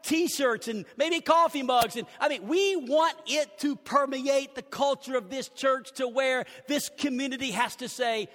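High-pitched emphatic pastor. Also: male voice, a little slow, few pauses, a bit bright. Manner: emphatic, repeating key phrases. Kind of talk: sermon. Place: church sanctuary. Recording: long church hall reverb.

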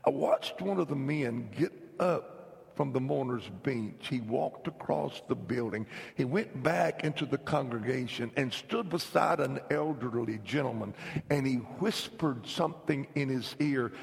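A man from North Carolina, preaching an emphatic revival sermon that swings between loud, shouted lines and hushed whispers. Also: mid-range voice, unhurried, creaky, in a large hall. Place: church sanctuary.

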